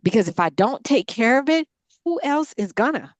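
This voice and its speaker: Brief: middle-aged woman, Bible study leader, frank and impassioned, higher-pitched voice, dry close sound. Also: very animated, moderate pace, no echo. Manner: blunt, impassioned, frank swearing. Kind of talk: candid group discussion.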